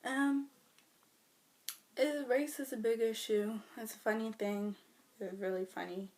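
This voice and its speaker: A young American woman, talking casually to camera about her life, swinging between loud mimicry and near whispers. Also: measured pace. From United States. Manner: animated storytelling, mimics others in loud high voices, drops to near whispers. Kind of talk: casual vlog rant. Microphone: phone or webcam.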